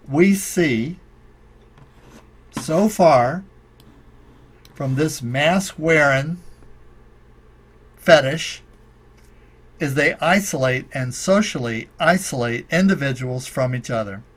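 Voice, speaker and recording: A man hosting a podcast as a natural medicine college dean, delivering a scripted rant with slow, emphatic stress on key words. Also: on the high side.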